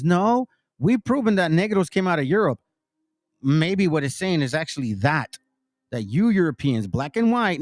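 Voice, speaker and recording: A man's voice: on the high side, darkish tone, no room sound. A man hosting his own channel, giving heated, preachy commentary over video clips and speaking straight to his listeners. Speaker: channel host reacting to videos.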